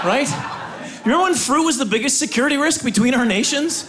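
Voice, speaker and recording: A man from Canada doing an animated stand-up set, full of fillers and sudden loud outbursts. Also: very high voice, fast talker. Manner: animated, acts out voices, loud bursts and many fillers. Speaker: stand-up comedian. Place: comedy club stage before a laughing audience.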